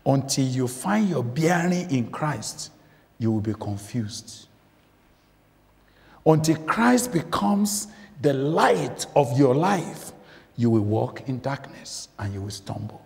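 A male preacher delivers a sermon at an unhurried pace, his voice swinging widely in pitch with a gravelly edge. He presses his points by asking the congregation questions and repeating key phrases. The recording carries the long reverb of a church. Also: expressive, a little mellow. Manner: emphatic, repeats phrases, asks the listeners questions. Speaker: guest preacher.

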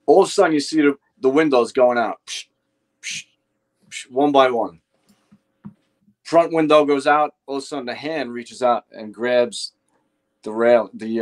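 An older man with a New York accent telling animated, profane stories of his firefighting days, acting out what others said. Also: medium pitch. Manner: profane, animated anecdotes with acted-out quotes. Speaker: guest, retired fire lieutenant. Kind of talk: casual storytelling chat.

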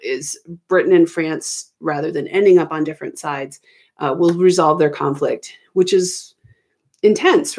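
A middle-aged woman talks through a history exam review at home in a slightly low voice. She explains casually, stopping to correct herself and filling gaps with ums. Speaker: history teacher. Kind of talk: recorded exam review lesson. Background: children arguing in the background.

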